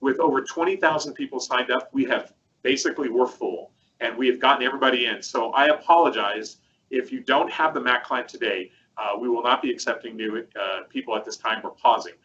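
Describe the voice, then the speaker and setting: Chatty male presenter, bright forceful tone, rambling filler-heavy delivery; dull lo-fi audio. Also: mid-range voice, a little fast, slight background noise. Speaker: co-host presenting a product demo. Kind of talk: casual webcast chat.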